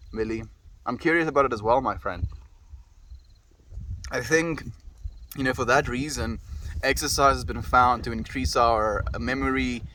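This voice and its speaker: Chatting with viewers, a livestreamer in his twenties with a South African accent rambles along easily, calling people "dude" and "my friend." His voice is mid-range with a fairly bright tone, recorded on a distant mic with some faint noise behind him.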